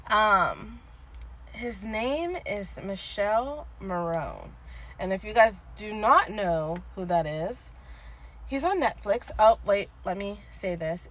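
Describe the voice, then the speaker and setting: A woman's voice: mid-range voice, fairly bright tone, slight background noise, poor audio. A woman co-hosting a podcast, gushing in casual chat and filling her talk with "like" and "um.". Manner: gushing, filler-heavy with lots of "like". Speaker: podcast co-host.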